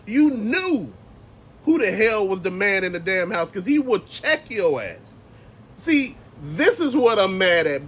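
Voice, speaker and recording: Profane ranting man, high voice. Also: fairly bright tone, slight background noise. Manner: profane, emphatic, heated ranting. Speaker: channel host. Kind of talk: ranting commentary vlog.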